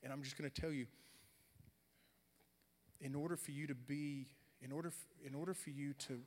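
Animated male preacher in a reverberant hall. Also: on the high side, moderate pace. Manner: animated, swings from loud storytelling to quiet earnest talk. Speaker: pastor. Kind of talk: sermon storytelling.

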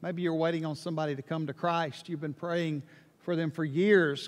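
A man from Alabama preaching a sermon, animated, repeating words and acting out people's prayers. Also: on the high side, moderate pace. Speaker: pastor. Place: church sanctuary. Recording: long reverb of a church hall.

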